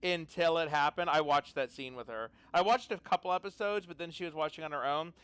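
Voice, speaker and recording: A man's voice: fairly high pitch, a little fast, a bit bright, smooth, no echo. A man playing in an online tabletop game, chatting and telling rambling stories between turns. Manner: rambling anecdotal storyteller. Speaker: player. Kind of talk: casual chat during a tabletop game.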